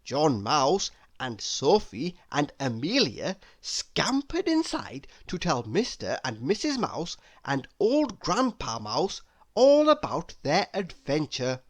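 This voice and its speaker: A man reading a children's picture book aloud. He reads slowly and very expressively, with his pitch rising and falling all the time in a sing-song way. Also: huge pitch swings. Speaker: storybook reader.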